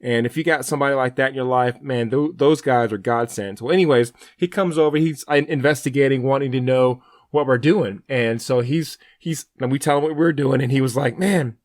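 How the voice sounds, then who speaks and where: Man, radio co-host, earnest, rambling storyteller, mid pitch, dry close sound. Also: fairly quick, hardly any pauses, no room sound. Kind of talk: casual faith broadcast storytelling.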